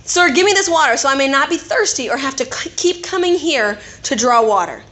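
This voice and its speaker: A woman's voice: sits high, lively intonation, a little fast, bright, forceful tone. A woman preaching who voices a weary Samaritan woman at a well, talking in a sassy, exasperated way. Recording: echoey room, faint noise.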